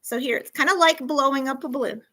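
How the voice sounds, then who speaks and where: Lively woman teaching fourth graders. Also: high-pitched, fast talker, poor audio. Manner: animated, acts out scenarios, asks the class questions. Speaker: school counselor teaching a class. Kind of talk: classroom lesson to fourth graders.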